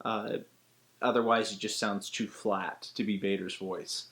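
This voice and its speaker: A man who works as a voice actor, giving a casual spoken tutorial and explaining voice technique step by step in a chatty, relaxed way. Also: fairly low pitch, measured pace.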